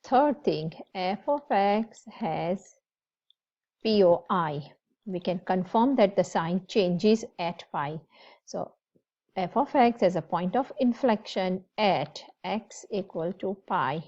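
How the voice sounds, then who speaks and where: A woman's voice: medium pitch, animated, takes it slowly, dark tone. A woman math teacher giving a classroom lecture, explaining step by step and repeating key points. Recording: slightly dull lo-fi recording.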